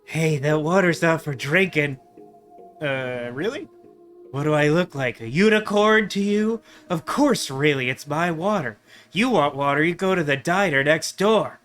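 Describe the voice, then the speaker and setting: A man voicing a rude, grumpy male motel manager from a pixel-art adventure game, with gruff, slangy, sarcastic talk. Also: on the high side, animated, measured pace, fairly bright tone, faint music behind. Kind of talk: let's play voicing of game text.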